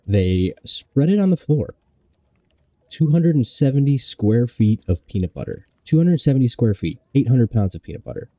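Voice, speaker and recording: Deep, dark-voiced man hosting mock news. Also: no room sound. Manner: rambling, mock-serious newscaster with swearing asides. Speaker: host. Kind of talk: comedic mock news commentary.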